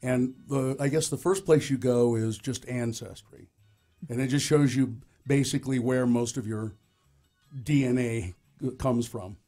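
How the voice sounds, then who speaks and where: A man co-hosting morning radio in a casual, joking way. His voice is mellow and warm, and he talks in stop-start bursts full of fillers, with faint music under the talk. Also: medium pitch. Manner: self-mocking, joking, halting with fillers. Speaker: radio show co-host.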